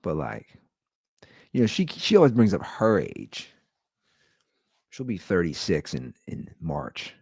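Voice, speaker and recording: A low-voiced man in his forties rambles through a comic story, his pitch swinging up and down. He talks as a show host, full of "like," and the sound is dry and close. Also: slow pace, vocal fry, pauses often, husky, no echo. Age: 40s. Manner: rambling and animated, with lots of "like". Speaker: podcast host. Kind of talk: comedic storytelling monologue.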